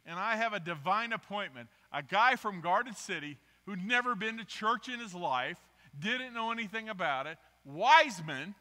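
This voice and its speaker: Bright-voiced man preaching in a reverberant church. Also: high voice, moderate pace, few pauses. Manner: animated storytelling, rising emphasis. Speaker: guest preacher. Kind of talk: sermon with personal stories. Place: church sanctuary. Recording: long church hall reverb.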